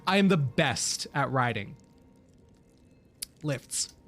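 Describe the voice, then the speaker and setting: A man streaming video games live, commenting excitably, swearing often and laughing a lot. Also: medium pitch, slow pace, slight background noise. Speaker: game streamer.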